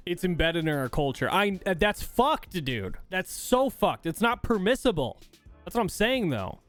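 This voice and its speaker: A man's voice: sits high, sing-song, a little slow, fairly bright tone, faint music behind. Heated, swearing male streamer. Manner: heated, profane, exasperated. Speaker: streamer host. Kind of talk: casual livestream rant, reading chat.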